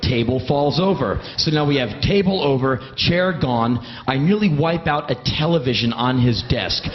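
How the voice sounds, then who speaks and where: A man's voice: mid-range voice, expressive, moderate pace, lo-fi sound, slight background noise. A man doing live comic storytelling, wry and emphatic, swearing freely. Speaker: spoken word storyteller.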